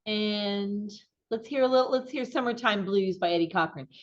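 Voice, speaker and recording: A woman's voice: medium pitch, moderate pace. Chatty middle-aged woman lecturing, lo-fi. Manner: casual and chatty, with frequent ums and restarts. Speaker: instructor. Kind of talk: conversational lecture. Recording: dull lo-fi recording.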